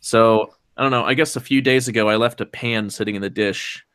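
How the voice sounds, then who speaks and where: A man's voice: lowish voice, steady tone, fairly quick, fairly bright tone, clean tone. Young male streamer; loose, rambling chat with frequent swearing. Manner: rambling, swears often, hums fillers. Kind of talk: casual chat with stream chat and co-host.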